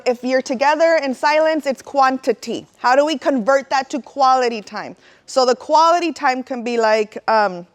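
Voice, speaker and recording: A middle-aged woman giving a casual, heartfelt talk to parents, full of "right?" and emotional asides. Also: sits high.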